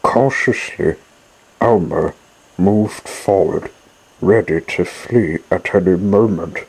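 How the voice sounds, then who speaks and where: A man reading a children's storybook aloud in a slow, gentle narrating manner. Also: deep voice, vocal fry, husky, poor audio.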